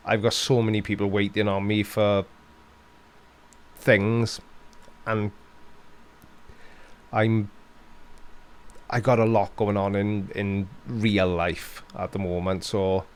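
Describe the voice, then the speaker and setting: A Welsh man with a fairly low voice, chatting casually on a live stream. He answers viewers' questions one after another with a dry, sarcastic wit and laughs often. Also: little pitch movement, slow pace, pauses often, clean tone.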